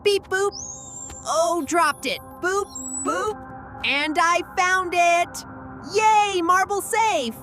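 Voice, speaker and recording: A woman's voice: very high-pitched, drawn-out words, heavily acted. A woman voicing a tiny, cheerful cartoon robot who chirps beeps and boops. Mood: chirpy. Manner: chirpy, says beep boop. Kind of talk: cartoon character dialogue. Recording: music playing underneath. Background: cartoon music.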